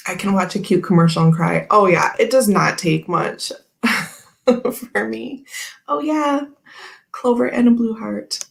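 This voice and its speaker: Woman, tarot livestream host, unhurried delivery, gravelly fry, chatty and giggly, roomy echo. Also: medium pitch. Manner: chatty and giggly, many fillers like "like" and "okay, anyway". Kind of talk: casual livestream chat reading comments.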